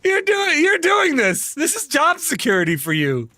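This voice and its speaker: A man streaming a game live, chatting to viewers, quickly swinging between laughter and angry outbursts. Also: extremely high pitch, huge pitch swings, pushed and bright.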